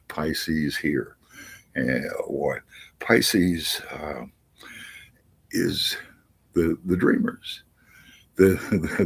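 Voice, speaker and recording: A man hosting a live astrology chat stream, talking haltingly with many restarts and reading viewer messages aloud. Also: very deep voice, gravelly, slightly rough. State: out of breath.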